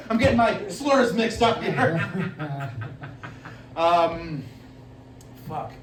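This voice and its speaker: A man's voice: high voice, animated, takes it slowly, long pauses, echoey room, far from the mic, a crowd in the background. A man doing rambling stand-up comedy that he admits he is making up as he goes, often laughing at his own jokes. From Italian-American family. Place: live comedy venue, heard from the stage.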